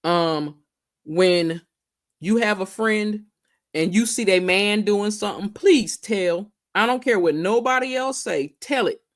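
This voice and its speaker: A woman's voice: mid-range voice, slow. Chatty woman livestream host with a drawl. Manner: chatty, greets viewers by name, drawls words out. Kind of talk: casual livestream chat.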